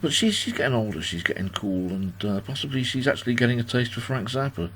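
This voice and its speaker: Older man hosting a home livestream party, medium pitch, rambling and self-deprecating, reads out viewer comments. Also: expressive, fast talker, a bit bright, breathy edge. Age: 60s. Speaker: host of a livestream birthday party. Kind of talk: casual chat.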